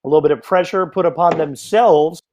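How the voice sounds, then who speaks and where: High-voiced chatty darts commentator man. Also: a little fast, a little mellow, slight background noise. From United States. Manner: chatty, joking asides to viewers. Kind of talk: live sports commentary.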